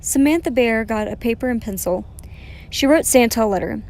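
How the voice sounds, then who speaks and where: A woman reading a children's story aloud, gentle and expressive. Her voice sits a little high for a woman, clear and friendly. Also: brisk.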